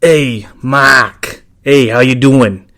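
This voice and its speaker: Brief: raspy, easygoing guy who stretches out his greetings, played by a man. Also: mid-range voice, drawn-out words, bright, forceful tone, exaggerated voice. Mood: friendly. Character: friendly raspy-voiced man with a strong accent.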